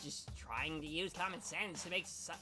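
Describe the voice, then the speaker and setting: A woman's voice: low-pitched, moderate pace, over music, natural voice. A woman voicing a sly, mocking male bear mastermind in a fan reading of a game, with a singsong, teasing manner.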